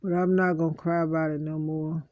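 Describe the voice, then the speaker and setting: A woman in a personal vlog monologue, talking slowly with heavy pauses and repeating her hurt, aggrieved lines over and over. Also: deep voice, level tone, no echo, highs cut off. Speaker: vlogger.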